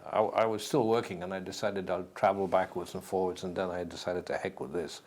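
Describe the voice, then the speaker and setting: Man, very low voice, dry matter-of-fact storyteller. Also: fairly even intonation, brisk, darkish tone. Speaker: interviewee.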